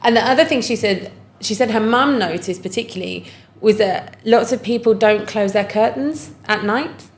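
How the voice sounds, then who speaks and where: A woman, co-hosting a casual podcast chat, telling stories in a lively, self-mocking way. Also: fairly high pitch, normal speed, few pauses. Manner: chatty, animated storyteller, self-mocking. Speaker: podcast co-host.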